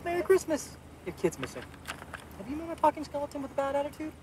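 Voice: high-pitched, big pitch swings, quick pace, darkish tone, slight background noise. Undead watchman, wry jokester, played by an actor, mid voice, bouncy inflection. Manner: wisecracking. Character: wisecracking undead night watchman, eager for a case. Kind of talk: short horror-comedy film acting.

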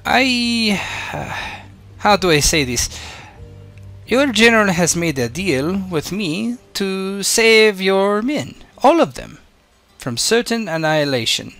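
A man plays a composed German woman agent in a tabletop role-play, speaking in a measured, coaxing German accent. The voice sits high and bright. Faint music plays underneath. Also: creaky, full character voice. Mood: persuasive. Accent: put-on German accent. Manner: calm, persuasive, measured. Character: smooth-talking German woman agent, calm. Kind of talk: tabletop game voice acting.

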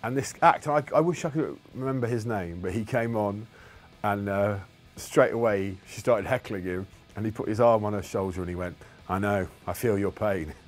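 Deep-voiced comedian, rambling. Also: male voice, brisk, soft background music. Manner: rambling, self-correcting storyteller. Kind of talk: casual interview chat.

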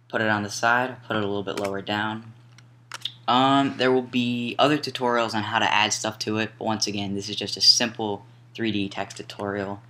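A young man walks through a design tutorial in a low voice with a bright, forceful edge. He talks casually and apologizes for his own slips. Faint hiss and computer clicks sit under his home-mic recording. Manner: casual, apologetic, self-correcting instructions. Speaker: tutorial maker. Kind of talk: screen-recorded software tutorial. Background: mouse clicks and typing.

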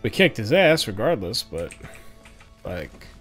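A man's voice: on the low side, big pitch swings, takes it slowly, fairly bright tone, faint music behind. Chill gamer dude talking over his playthrough, chatty, casual swearing. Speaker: gaming streamer. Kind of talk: let's-play commentary.

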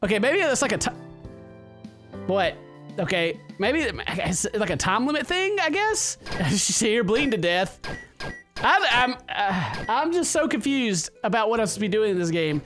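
A man's voice: sits high, very animated, normal speed, fairly bright tone, faint music behind. A man doing let's-play commentary, rambling, laughing often and hamming up mock-romantic lines to a game character. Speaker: gaming YouTuber.

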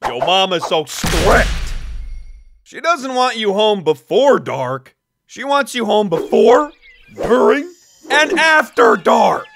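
A man narrating and playing the lead in an animated joke cartoon, animated and exclaiming. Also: high voice, slow, creaky, a little hiss or hum. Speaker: cartoon narrator and main character.

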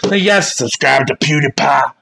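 A woman vlogger with a raspy, smoker-like voice, talking in a chaotic, self-mocking way, swearing and bursting into shrieks. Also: low-pitched, normal speed, a bit bright. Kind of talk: chaotic casual vlog with shouted singing along.

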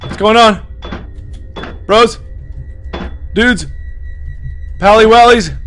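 A man's voice: high-pitched, drawn-out words, faint music behind. Jumpy man streaming a horror game. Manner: jumpy, talks to viewers, frightened outbursts then hushed muttering. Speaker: gaming host.

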